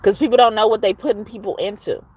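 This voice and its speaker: A woman giving a casual, expressive tarot reading, at times reciting rhymes. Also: mid-range voice, quick pace, slightly rough. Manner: expressive, chatty, rhyming recital. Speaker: tarot reader.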